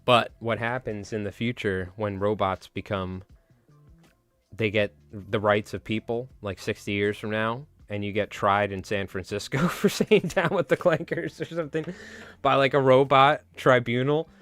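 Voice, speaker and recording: A man's voice: on the low side, fairly even intonation, unhurried, fairly bright tone, faint music behind. A man chatting casually on a live stream while tying flies, rambling and joking at his own expense. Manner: rambling, self-mocking, joking.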